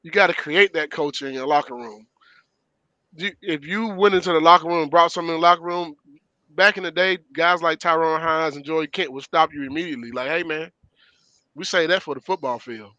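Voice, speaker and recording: A man's voice: a little high, fairly even intonation, brisk, sharp tone, no echo, dull audio. A middle-aged man, a former player telling stories emphatically in casual sports talk. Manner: storytelling, emphatic, laughs often. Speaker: former player and show regular.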